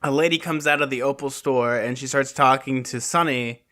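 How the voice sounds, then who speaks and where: A man's voice: mid-range voice, normal speed, sharp tone. Man co-host, easygoing, given to mock-dramatic reactions. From America. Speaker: podcast co-host. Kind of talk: casual chat recapping a book.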